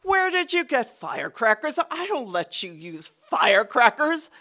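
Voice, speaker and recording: A woman's voice: on the high side, very animated, unhurried, voice pushed up, full character voice. A woman voicing a stern mother scolding her children. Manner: scolding, sharp.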